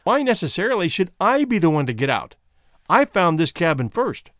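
A man's voice: high-pitched, big pitch swings, fairly bright tone, no room sound, clean studio sound. Mesner, a man playing a smug scheming talker. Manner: deliberate, judicial, mock-apologetic. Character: scheming, smooth-talking man, wordy and mock-polite.

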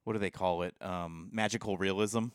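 A middle-aged man co-hosting a casual podcast, joking and animated as he talks. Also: sits low, moderate pace, clear, resonant tone, dry recording, studio quality. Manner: animated, joking, laughs often. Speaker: podcast co-host. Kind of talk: casual chat.

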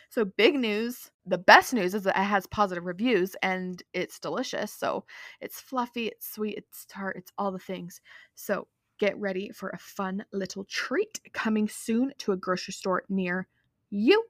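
Bubbly young mom podcaster from utah, says like a lot, dry close sound. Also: female voice, medium pitch, a bit bright, no echo. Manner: bubbly, chatty storyteller with many "like"s. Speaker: podcast host. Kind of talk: casual solo podcast chat.

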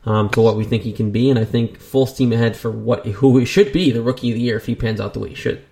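A man's voice: medium pitch, quick pace, creaky, warm tone, slight background noise. A man co-hosting a casual baseball talk show, rambling with many restarts. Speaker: sports podcast co-host.

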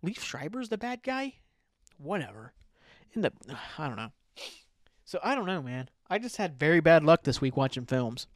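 A man's voice: fairly high pitch, lively intonation, normal speed, no room sound, clean studio sound. Rambling man hosting a solo podcast. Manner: rambling, loose, swears casually, trails off often. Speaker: podcast host.

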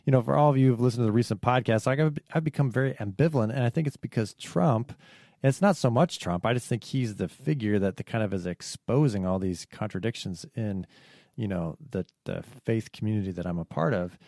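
A man's voice: on the low side, brisk, dark tone, no room sound, studio quality. A man co-hosting a podcast discussion, talking earnestly with frequent fillers and restarts. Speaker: podcast co-host.

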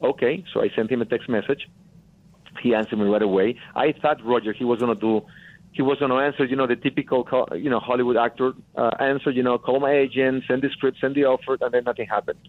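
A man's voice: mid-range voice, steady tone, fast. Mexican guy calling in, earnest and emphatic, keeps repeating himself, tinny phone sound. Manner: earnest, emphatic, repeats phrases, often says "brother". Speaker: guest film producer. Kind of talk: phone-in interview storytelling.

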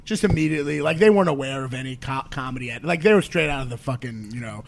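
A man's voice: medium pitch, animated, quick pace, gravelly, a little hiss or hum. A man, a stand-up comedian, telling a rambling story in casual podcast chat and acting out the people in it. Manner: rambling storyteller, acts out voices loudly in quotes.

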